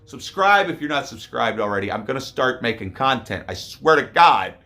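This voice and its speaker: Profane rambling male vlogger, slightly hoarse, animated pitch swings. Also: normal speed, hardly any pauses, soft background music. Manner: profane, rambling, swings between loud rants and mumbles. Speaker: YouTube collector vlogger. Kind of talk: casual profane vlog.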